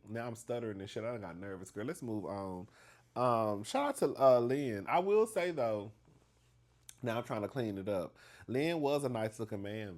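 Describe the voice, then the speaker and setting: A man chatting straight to his viewers in a storytime vlog. His pitch swings high and low as he gossips, and he keeps calling everyone "girl" and laughing between lines. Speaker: vlog host.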